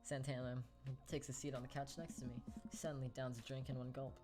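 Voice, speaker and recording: Male streamer, playful casual read of game text over clear background music. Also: medium pitch, level tone, fast talker. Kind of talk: reading a dating game aloud.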